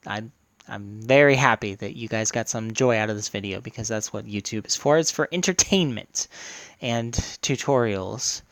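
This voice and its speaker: A man talking to his camera in a frustrated, halting rant, often stumbling and repeating words. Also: mid-range voice, a bit bright, clear, resonant tone, no echo. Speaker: YouTuber.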